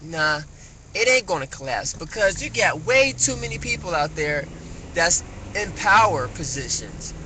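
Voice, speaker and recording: A man ranting casually on a phone livestream, rambling with many fillers and animated rises. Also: fairly high pitch, unhurried, rough recording. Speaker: vlogger. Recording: phone mic with faint car noise.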